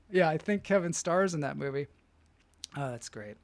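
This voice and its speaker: A man's voice: fairly high pitch, lively intonation, normal speed, creaky, no room sound. A man hosting a live online show, telling rambling comic stories and reading out the chat, often laughing at his own jokes.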